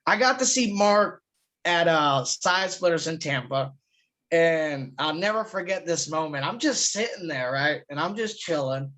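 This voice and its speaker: A man with a notably high-pitched voice talks in a loose, casual podcast chat. His stories run on with frequent fillers and plenty of profanity. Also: lively intonation, measured pace, sharp tone. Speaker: guest comedian.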